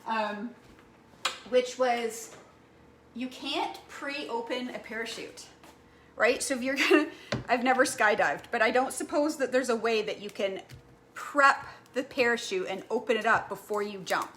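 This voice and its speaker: A woman with a slightly high voice chats away while she cooks, rambling from thought to thought. The kitchen is echoey, and background noise can be heard clearly throughout. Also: measured pace, fairly bright tone. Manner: chatty, rambling, frequent "right?" and "like". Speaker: cooking vlogger. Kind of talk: casual chat while cooking. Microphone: camera mic.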